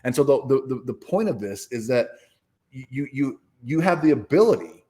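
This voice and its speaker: A guest author being interviewed shares a personal story, his mellow, medium-pitched voice very animated at a moderate pace. The telling is casual and emphatic, laced with profanity and frequent restarts.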